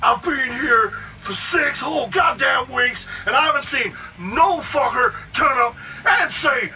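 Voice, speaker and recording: A man voicing an angry male wrestler, shouting. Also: extremely high pitch, expressive, measured pace, recorded from a distance, faint music behind, pitched above the performer's own voice, exaggerated voice, low-quality recording. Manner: shouting, raised strained voice. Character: furious loud-mouthed male wrestler.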